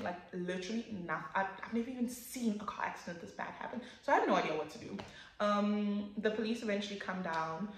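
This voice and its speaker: A young woman recounts a story in a loose, chatty vlog voice. She curses freely and acts out her own reactions, and her pitch sits mid-range. The room gives her voice a noticeable echo. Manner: chatty and animated, swearing freely, acting out her own lines. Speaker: vlogger. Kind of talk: casual storytime.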